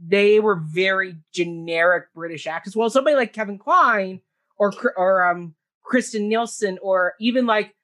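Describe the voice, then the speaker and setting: A theatre reviewer chats loosely with his co-hosts about a stage production on a casual podcast, opinionated and packed with "like" and restarts. His voice is high-pitched, pushed and bright, at a moderate pace.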